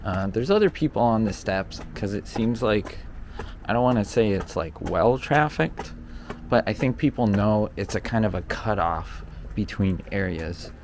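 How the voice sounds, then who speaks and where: This expressive man has a lowish voice and a measured pace, filming a casual walking vlog on an outdoor hillside stairway in a city neighborhood. Slightly out of breath from the stairs, he chats and thinks aloud with lots of fillers, over faint outdoor ambient noise.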